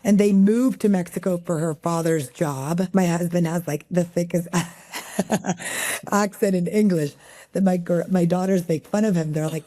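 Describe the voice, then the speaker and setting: A woman's voice: on the low side, warm tone. A middle-aged woman from El Paso, Texas, telling stories in a chatty interview with plenty of fillers. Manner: chatty, many fillers, quick storytelling. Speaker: guest, magazine editor. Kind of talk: casual interview conversation.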